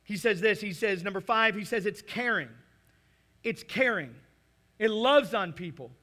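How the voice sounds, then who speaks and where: A man in his forties preaching with lively, playful energy. His voice sits high for a man and rings bright and forceful. He slips into acted-out asides and jokes as he goes. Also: measured pace. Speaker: pastor. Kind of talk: sermon.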